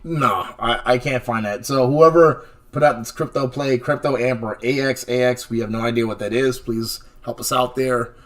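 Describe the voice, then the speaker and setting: A man hosting a live trading stream, talking through stock charts in a casual, animated way and often checking in with "okay?" and "right?". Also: mid-range voice, normal speed, hardly any pauses. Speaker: stock chart analyst host.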